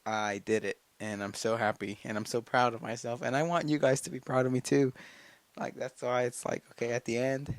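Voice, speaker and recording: A teenage guy talks straight into his solo podcast, pumping himself up with blunt, profane encouragement. He circles back on the same phrases over and over, mid-pitched and unpolished. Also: steady tone, brisk, no room sound. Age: late teens. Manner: fired-up self-talk, heavy swearing, repeats phrases. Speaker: podcast host. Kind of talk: casual solo motivational podcast monologue.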